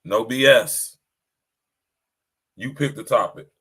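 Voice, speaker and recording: A man's voice: medium pitch, takes it slowly, a bit bright, breathy edge. A man hosting a podcast stream in casual, hyped chat, repeating himself and ending lines with "man.". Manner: hyped, repetitive, keeps tagging "man". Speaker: podcast host.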